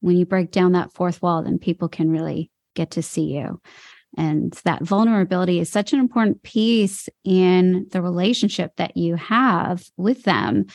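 A woman's voice: on the low side, vocal fry, a little mellow, dry recording, studio quality. A woman hosting a podcast, speaking in a thoughtful, reflective way. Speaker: podcast host. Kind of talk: casual interview chat.

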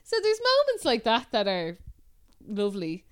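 A woman's voice: fairly high pitch, wildly swooping pitch, moderate pace, clear, resonant tone. An Irish woman co-hosting a podcast, telling a story in a chatty, sweary way and laughing often. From Ireland. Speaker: podcast co-host. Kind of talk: casual chat.

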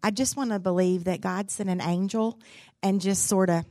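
A woman's voice: mid-range voice, steady tone, normal speed, mellow, no room sound. A woman, a pastor's wife giving a devotional talk in a folksy, candid, humorous storytelling way. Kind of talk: sermon-style devotional storytelling.

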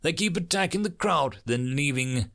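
A man's voice: a little high, animated, normal speed, gravelly, fairly bright tone. Man doing a tense young armored soldier. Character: young wounded male soldier in power armor.

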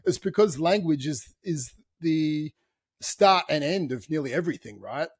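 A man co-hosting a fitness podcast in casual chat, talking in an energetic, motivational way and swearing casually. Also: fairly high pitch, unhurried, slightly rough, no room sound, studio quality. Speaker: podcast co-host, fitness coach.

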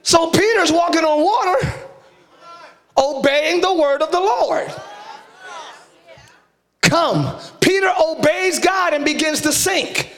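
A man preaching an energetic live sermon as pastor, shouting and hyped, calling on the congregation to respond. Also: extremely high pitch, takes it slowly, pauses often, a little hiss or hum. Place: large church sanctuary with congregation.

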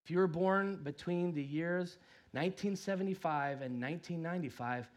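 High-voiced preacher swinging hushed to loud. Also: male voice, moderate pace. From United States. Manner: acts out voices in his stories. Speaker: pastor. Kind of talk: sermon.

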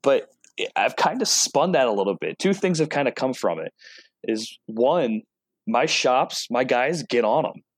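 A man's voice: mid-range voice, big pitch swings, a little slow, husky, no room sound. Chatty man with a dry sound. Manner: chatty storyteller, acts out quotes. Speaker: automotive product rep and guest. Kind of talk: casual interview talk.

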